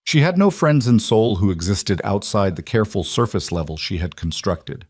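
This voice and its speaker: A man tells a dramatic story in a measured, even narration. His voice sits on the low side and sounds dry and close, with no room echo.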